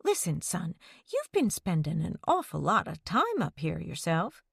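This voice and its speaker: A woman's voice: fairly low pitch, wildly swooping pitch, measured pace, vocal fry, husky, no echo, clean studio sound, exaggerated voice. A woman voicing a stubborn, meddling older mother who scolds her grown son about the town's gossip. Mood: scolding. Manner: scolding, nosy, disapproving.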